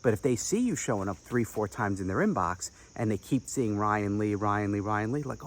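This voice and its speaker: Energetic chatty male business coach. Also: normal speed, hardly any pauses. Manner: energetic, chatty, salesy pitch with playful asides. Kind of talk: direct-to-camera advice talk.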